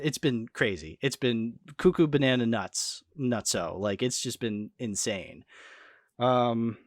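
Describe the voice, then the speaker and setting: A man's voice: medium pitch, dry recording, clean studio sound. Easygoing male podcast host. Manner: easygoing, filler-heavy talk. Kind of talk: casual chat.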